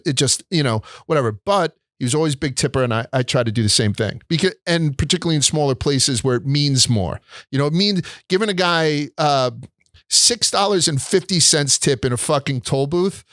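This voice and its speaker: A young adult man hosts a casual talk show and tells his stories with lively energy, swearing freely as he rants. His voice sits at a mid pitch and is recorded dry and close. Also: no room sound. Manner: animated storytelling with frequent swearing. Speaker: host. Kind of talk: casual chat.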